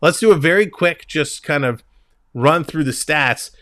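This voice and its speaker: A man's voice: a little high, lively intonation, measured pace, fairly bright tone, no room sound, clean studio sound. A man hosting a live hockey stream, reading stats and chatting with guests in an upbeat, joking way. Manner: upbeat play-by-play, reads stats, jokes. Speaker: stream host.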